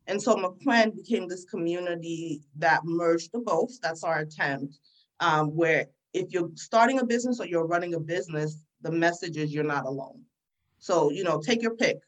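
A woman's voice: on the low side, rough recording. A woman guesting on an interview podcast, speaking in a reflective, encouraging way about her work. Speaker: guest entrepreneur.

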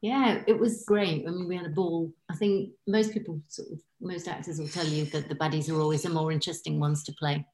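Actress-impressionist, low voice, giggly chat, roomy echo. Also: female voice, steady tone, brisk, hardly any pauses, dark tone, slight background noise. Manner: chatty, giggly, slips into impressions. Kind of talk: casual chat, podcast guest.

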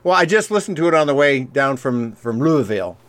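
Man, podcast co-host, average pitch, easygoing, casual chat. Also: very animated, brisk. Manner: easygoing, rambling recommendations.

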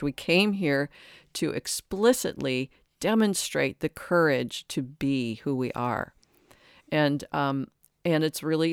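A speaker in their sixties gives a reflective spiritual talk in a smooth, clear voice of middling pitch. They sound earnest and halting and often stop to restart a thought. The sound is dry and close. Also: no room sound. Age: 60s. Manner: earnest, halting, frequent restarts and self-corrections.

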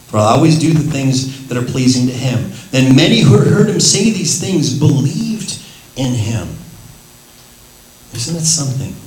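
Lively man teaching the Bible, echoey room. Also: medium pitch. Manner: lively, laughs often, acts out quoted voices.

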